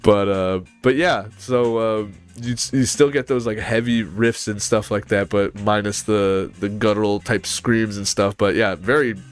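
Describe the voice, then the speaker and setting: A man's voice: lowish voice, fairly even intonation, normal speed, few pauses, clean tone. A man in a casual chat about music, rambling with lots of fillers and humming riffs aloud. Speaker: podcast panelist.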